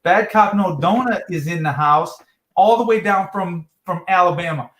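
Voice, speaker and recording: A man's voice: high voice, moderate pace, fairly bright tone, echoey room. A man hosting a livestream from South Dakota, rambling and profane, repeating his words as he rants. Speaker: livestream host. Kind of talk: ranting livestream chat.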